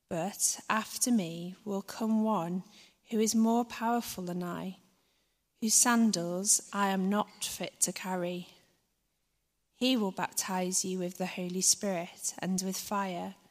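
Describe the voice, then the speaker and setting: Slow-reading woman with a Manchester accent. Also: medium pitch. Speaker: scripture reader. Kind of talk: reading scripture aloud. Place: church. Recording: long church reverb.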